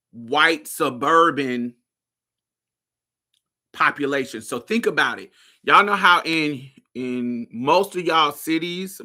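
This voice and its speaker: Indianapolis guy hosting his show, sharp bright voice, rambly and cussing, keeps asking y'all following. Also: fairly high pitch. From Indianapolis, USA. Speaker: podcast host. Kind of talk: casual livestream commentary.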